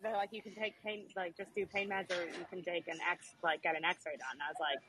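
A woman in casual podcast chat, an animated storyteller who acts out the voices of the people she quotes. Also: fairly low pitch, a little fast, rough recording.

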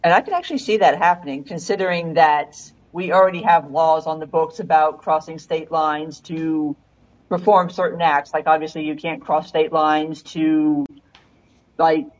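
A woman's voice: deep voice, steady tone, normal speed, dull audio. A woman co-hosting a podcast, chatting casually and filling her talk with "like". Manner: chatty, heavy use of like. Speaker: podcast co-host. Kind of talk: casual call-in podcast chat.

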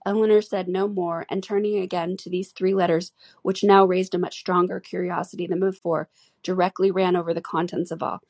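A woman reading a classic novel aloud with a dark, husky voice. Her reading is even and unhurried, and the recording is close and dry. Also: lowish voice, no echo. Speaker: audiobook narrator.

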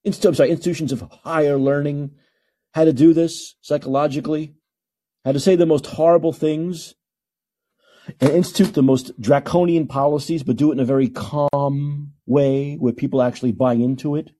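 A man's voice: on the high side, fairly even intonation, normal speed, dark tone. A man hosting a call-in podcast, ranting emphatically and repeating himself for effect. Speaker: podcast host.

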